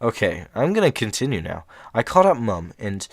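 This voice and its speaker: A man's voice: fairly low pitch, very animated, brisk, no room sound, studio quality. A young man reading short horror stories aloud in a casual, rambling way, breaking off for chatty asides.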